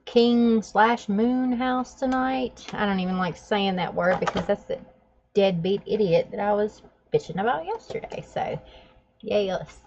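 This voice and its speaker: A woman's voice: mid-range voice, moderate pace, gravelly, darkish tone, a little hiss or hum. A woman vlogging, telling a story with laughs and then walking through a drawing tutorial in casual chat. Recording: dull lo-fi sound.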